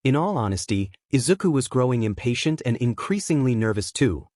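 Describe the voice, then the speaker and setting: A man reading a fan fiction story aloud in a steady, plain manner. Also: medium pitch, fairly quick, dry recording, clean studio sound. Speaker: narrator.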